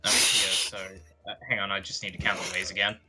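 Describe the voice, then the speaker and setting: A man with a bright, ringing voice plays a tabletop role-playing game, talking loosely as he works out his turn. Faint music hums underneath him. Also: lowish voice, fairly even intonation, fast talker, breathy edge. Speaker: player.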